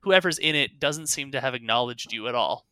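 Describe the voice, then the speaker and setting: A man narrating as game master in a tabletop game, halting with many fillers. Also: medium pitch, bright, forceful tone, clean tone, no room sound.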